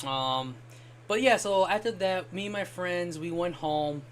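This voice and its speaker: A man streaming a game and telling a rambling story in casual chat, swearing freely and getting animated when he quotes people. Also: high voice, measured pace, a little hiss or hum. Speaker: gaming streamer. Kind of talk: casual storytelling while gaming.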